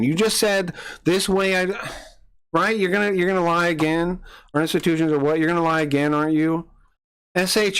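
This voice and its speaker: A man's voice: high voice, a bit bright. A man streaming live, ranting angrily and profanely as he accuses a chatter of lying. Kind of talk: heated live-stream argument with chat.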